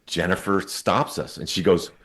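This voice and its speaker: A man in his fifties with a very deep voice tells a story as a podcast guest. He talks casually and with lots of energy. He swears freely and laughs between lines. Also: normal speed. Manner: animated, swears freely, laughs while telling.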